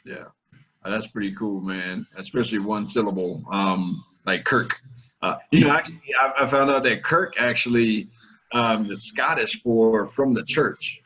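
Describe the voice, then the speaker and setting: A man's voice: on the low side, normal speed, pushed and bright, breathy edge, poor audio. A man hosting a casual webinar interview over a video call, upbeat and slangy, calling his guest "man" again and again. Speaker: webinar host.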